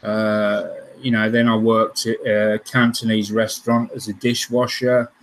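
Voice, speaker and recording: This man's voice is lowish and completely flat, his pace a little slow, and the audio is poor. Hosting a scale modelling livestream, he wanders through stories from his past, hesitating with ums and starting over.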